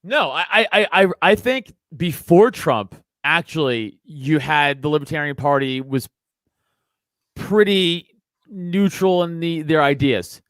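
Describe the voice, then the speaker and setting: A man with a high-pitched voice rants emphatically on a podcast as a comedian guest, swearing freely and pressing his points hard. The recording is close and dry, with no room sound. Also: a little slow, a bit bright, dry recording. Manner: emphatic, profane ranting. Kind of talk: casual podcast chat.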